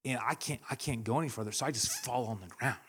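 A man's voice: medium pitch, quick pace, fairly bright tone, slightly rough. A young adult man from Canada preaching a sermon, telling stories animatedly with laughter and acted-out quotes. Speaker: pastor. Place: church hall.

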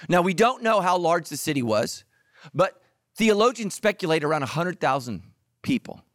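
A middle-aged man preaching a sermon, lively and joking, talking straight to his listeners. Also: high voice, no room sound, clean studio sound. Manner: energetic, jokey preaching with audience asides. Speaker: pastor.

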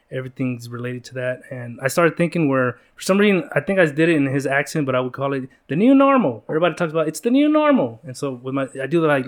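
Rambling, jokey male podcast host. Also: mid-range voice. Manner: rambling, jokey, many fillers and restarts. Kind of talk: casual chat.

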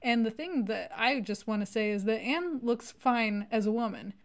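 A woman's voice: a little high, moderate pace. A woman co-hosting a casual film podcast, talking with enthusiasm, swearing freely and laughing often. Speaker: podcast co-host.

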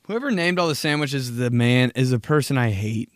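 A young man hosting a casual solo podcast, swearing a lot and ranting in an animated, crude way. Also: medium pitch, fairly quick, no echo, clean studio sound. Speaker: podcast host.

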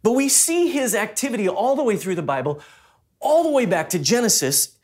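A man's voice: high voice, big pitch swings, a little fast. Man, pastor, sermon, conversational storytelling tone.

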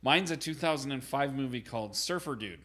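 A man's voice: medium pitch, expressive, fairly quick, a crowd in the background. A married man chatting casually on a podcast in a laid-back way, often trailing off. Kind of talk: casual chat.

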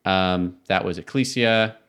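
A man's voice: deep voice, measured pace, fairly bright tone, clean tone. A man co-hosting a casual podcast, explaining ideas and laughing easily. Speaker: podcast co-host.

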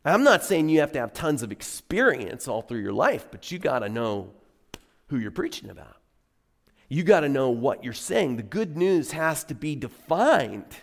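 A middle-aged man preaching a sermon as pastor, telling stories in a conversational way and leaning hard on key words. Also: medium pitch. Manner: conversational storytelling, animated emphasis. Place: church sanctuary. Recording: long reverb of a church hall.

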